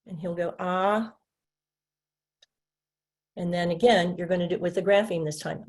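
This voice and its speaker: In a teacher-training webinar, a woman with a fairly low, a little mellow voice speaks at normal speed with fairly even intonation and long pauses. She patiently stretches out and taps individual speech sounds, playing both teacher and student in her demonstrations and sometimes answering as her own student.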